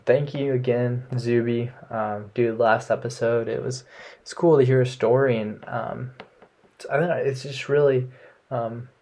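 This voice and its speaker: A young man hosting a casual faith podcast, talking in a relaxed, rambling way with many ums and restarts. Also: mid-range voice, vocal fry. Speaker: podcast host. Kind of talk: casual devotional podcast talk.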